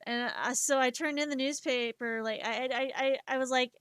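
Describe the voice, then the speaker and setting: A woman's voice: high-pitched, a little fast, few pauses, clear, resonant tone, dry recording. Candid, rambling woman streamer. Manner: rambling and candid, with frequent stammered restarts; self-mocking, animated when acting out inner dialogue. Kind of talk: casual chat while drawing on a live stream.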